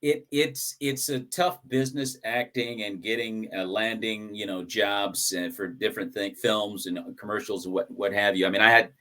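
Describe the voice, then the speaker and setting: A man hosting a comedy interview show, chatting casually and telling an animated anecdote with laughs. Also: fairly low pitch, moderate pace, few pauses.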